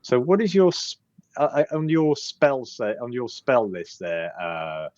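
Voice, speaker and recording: A man narrating as game master, halting often with ums and restarts. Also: medium pitch, a little mellow, no room sound, muffled recording.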